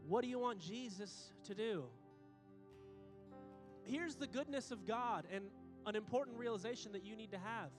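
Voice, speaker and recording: A man preaching a sermon, emphatic, repeating phrases and building to excited peaks. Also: high voice, normal speed, music in the background. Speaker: pastor. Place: church auditorium. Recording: long hall reverb.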